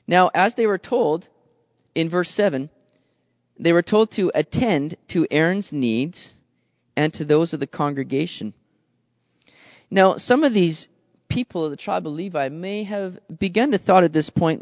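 A man's voice: a little high, unhurried, no echo, big-room sound, highs cut off. A man preaching a sermon in a conversational way, calling his listeners guys and acting out the complaining voices of the people he talks about. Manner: animated, acts out quoted grumbling voices. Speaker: pastor. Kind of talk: expository sermon.

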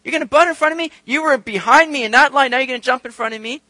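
A male preacher voicing an exasperated woman shopper who has been cut off in line, his voice pushed higher. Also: very fast, pushed and bright, dry recording, exaggerated voice. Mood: indignant. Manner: shrill, exasperated.

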